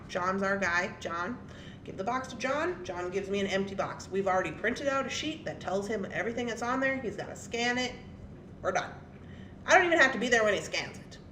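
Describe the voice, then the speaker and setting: A woman's voice: a little high, a little hiss or hum. A woman hosting her craft channel, telling a blunt story to viewers in a casual, laughing way, in an echoey room. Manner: animated and blunt, laughing often. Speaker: craft and jewelry channel host. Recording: echoey room with faint ambience.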